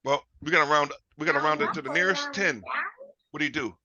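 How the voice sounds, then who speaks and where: A man teaching a live trading lesson, loud and profane, constantly firing questions at his audience. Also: a little high, fast, a crowd in the background. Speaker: trading instructor. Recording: dull lo-fi audio.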